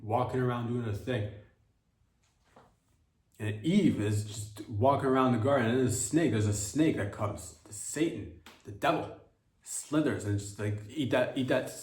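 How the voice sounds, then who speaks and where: A man's voice: mid-range voice, a little mellow. Rambling man with a roomy echo. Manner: rambling, irreverent, does quick voices for quotes. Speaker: comedy podcast host. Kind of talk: comedic monologue.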